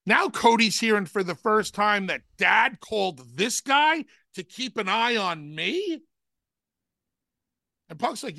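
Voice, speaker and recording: A man co-hosting a wrestling talk show, who talks deliberately and slows down to spell out his points. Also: sits high, lively intonation, gravelly, pushed and bright, dry recording, clean studio sound. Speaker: podcast co-host, wrestling analyst.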